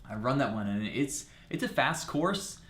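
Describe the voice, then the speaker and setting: A man's voice: medium pitch, expressive, normal speed, a bit bright. A man co-hosting a live running show, chatting casually and listing upcoming races. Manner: chatty, lists race facts from notes. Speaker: co-host. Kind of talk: casual live-stream chat. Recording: roomy echo.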